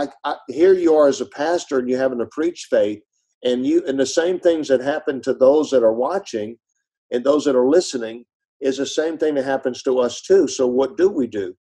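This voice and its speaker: Middle-aged man, pastor-storyteller, earnest, dark mellow tone, conversational sermon delivery. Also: moderate pace, breathy edge, poor audio. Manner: earnest storyteller, voice drops low and soft in grief. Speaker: pastor and author, podcast guest. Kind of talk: conversational preaching.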